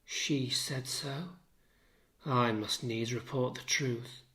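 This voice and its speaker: A man's voice: fairly even intonation, slow pace, sharp tone. A man voicing a loyal, outraged maidservant in a raised voice, crying out in alarm. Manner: high, cries out in alarm. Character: loyal, outraged female servant, middle-aged. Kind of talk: dramatic reading of a play.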